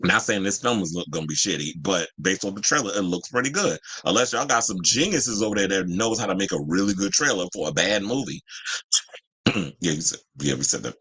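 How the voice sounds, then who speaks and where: Animated man with a bright, dry voice. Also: sits low, fairly quick, slightly rough, no room sound, rough recording. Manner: animated and chatty, reads and answers live chat, swears freely. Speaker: entertainment news show host. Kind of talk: casual pop-culture commentary.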